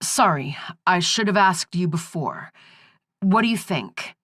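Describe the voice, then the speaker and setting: A woman voicing a determined female archaeologist who speaks in a crisp, businesslike way. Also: lowish voice, lively intonation, unhurried, a bit bright, no room sound, studio quality.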